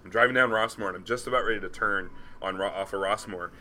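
Lively, bright-voiced man. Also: on the low side, quick pace, slight background noise. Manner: animated storyteller, acts out quoted voices. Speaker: podcast co-host. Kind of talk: casual chat.

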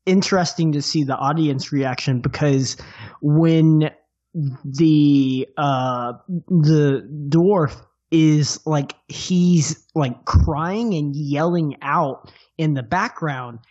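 A man's voice: a little high, drawn-out words, darkish tone. Rambling man on dull lo-fi audio. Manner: rambling, filler-heavy, amused. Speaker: podcast panelist. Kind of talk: casual film discussion.

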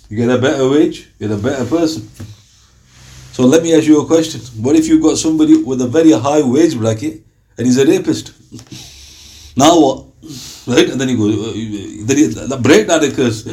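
A man's voice: on the high side, warm tone. A man giving an informal Islamic talk, talking conversationally and acting out little dialogues with rhetorical questions. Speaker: Islamic preacher.

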